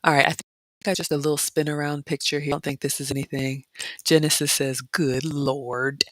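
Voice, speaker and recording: A woman vlog host walking viewers through a brunch buffet, chatting casually, reading comments aloud and often dropping into soft excited whispers. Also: deep voice, a little fast, no echo, clean studio sound. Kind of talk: casual live-stream walkthrough.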